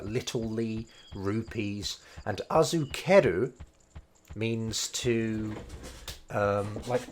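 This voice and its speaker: Casting: man, lowish voice, chatty streamer-teacher, hesitant and rambling, faint noise behind. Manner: rambling, hesitant, many fillers and restarts. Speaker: Japanese learner and game streamer. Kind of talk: casual explanatory commentary.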